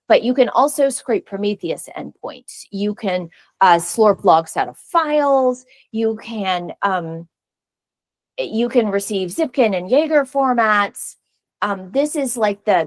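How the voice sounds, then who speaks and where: In a meeting room, a conference speaker gives a technical presentation, her medium-pitched voice captured in a dry recording. She's casual and chatty, with frequent fillers and restarts.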